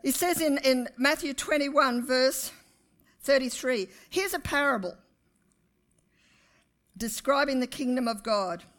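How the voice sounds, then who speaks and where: A woman preaches to her church, her fairly high voice lifting to loud peaks on key lines. She speaks straight to the congregation and draws them into an animated sermon. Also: measured pace, long pauses. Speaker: pastor.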